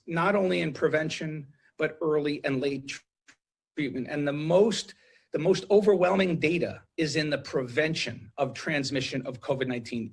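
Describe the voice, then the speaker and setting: A man speaking as an intensive care doctor in a TV interview, urgent and emotional, repeating himself with many restarts. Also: fairly high pitch. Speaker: ICU doctor guest.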